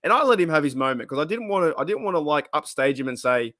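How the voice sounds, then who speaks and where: A man's voice: fairly high pitch, quick pace, hardly any pauses, a bit bright, no room sound, studio quality. A middle-aged Australian man hosting a live podcast, telling a long rambling story full of slang, restarts and laughter. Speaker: podcast host.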